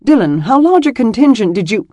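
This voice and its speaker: A man voicing a flustered young nobleman who blurts out his lines loudly. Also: very high-pitched, big pitch swings, a little fast, no room sound, voice pushed up, full character voice. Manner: blustering, flustered.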